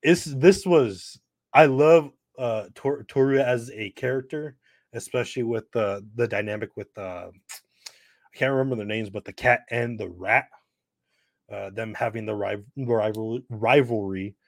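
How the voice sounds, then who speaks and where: A man's voice: mid-range voice, measured pace, dry recording. A man co-hosting a casual podcast, eager and swearing casually. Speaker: podcast co-host.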